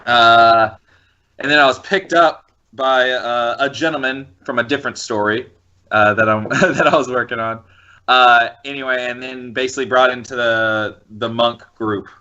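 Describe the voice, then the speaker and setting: A man describes his character casually and rambles, with frequent fillers. His voice is bright and pressed, and the audio sounds dull and lo-fi. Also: medium pitch, steady tone, normal speed, clean tone. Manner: rambling, chuckling. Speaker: player. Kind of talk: casual tabletop role-play.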